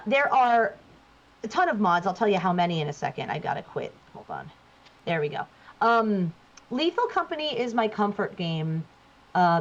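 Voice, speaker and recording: A woman from New Jersey, a voice actor guest chatting casually while gaming and shifting where her voice sits as she talks. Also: medium pitch. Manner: chatty, shifts voice placement to demonstrate. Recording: dull lo-fi sound.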